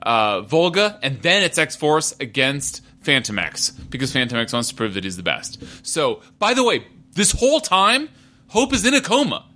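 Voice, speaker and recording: A man's voice: on the high side, moderate pace. A man co-hosting a podcast in a casual chat, rambling and swearing freely. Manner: animated, rambling, profane. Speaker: podcast co-host.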